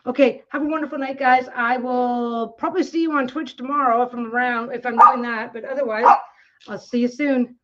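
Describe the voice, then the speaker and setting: Casual quilting vlogger, a woman with a rambling, higher voice who talks sweetly to her dogs, recorded on dull lo-fi camera audio. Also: noisy background. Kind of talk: casual chat while crafting.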